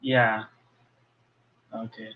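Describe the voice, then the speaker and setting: A man's voice: on the low side, drawn-out words. Young trinidad guy hosting a live call, chill and a bit umm-y, kinda muffled audio. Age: young adult. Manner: relaxed, hesitant with fillers. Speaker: host. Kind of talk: casual live-stream chat. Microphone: video call. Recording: dull lo-fi video call audio.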